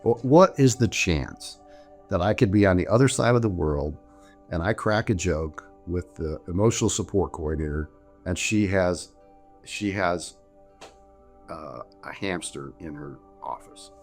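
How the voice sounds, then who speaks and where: A man's voice: low-pitched, animated, unhurried, faint music behind. An older man telling a personal story in a chatty, jokey way, with many restarts and "so anyway" asides. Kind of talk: casual storytelling to camera.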